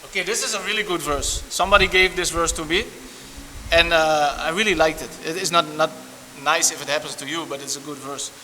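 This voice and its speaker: A man preaching a sermon, animated and repetitive, restarting phrases and breaking into asides. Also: fairly high pitch, brisk. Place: church hall. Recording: long church reverb, faint hiss.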